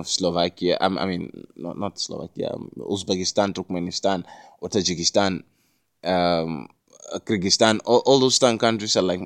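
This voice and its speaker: A man's voice: lowish voice, vocal fry, no echo, studio quality. A man hosting a solo podcast, talking casually in a rambling, profane way with many restarts. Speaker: podcast host.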